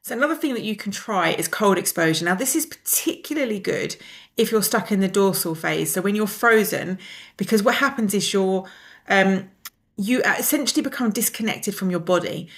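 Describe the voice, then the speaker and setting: Speaking in a mid-range voice, a woman leads a wellness lesson, calmly and gently walking the listener through breathing exercises. She slows her pace whenever she guides an exercise.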